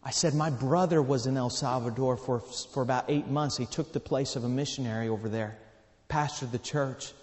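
A man's voice: mid-range voice, brisk, few pauses, a little mellow. A man preaching a sermon in a church, telling a story earnestly and often repeating his words. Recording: long hall reverb.

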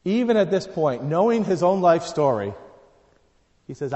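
A man delivers a sermon with a slightly raised pitch, moving from hushed, low stretches to loud, pressing emphasis as he reads scripture aloud. His voice rings out with the long reverb of a large hall. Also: sing-song, normal speed. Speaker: preacher.

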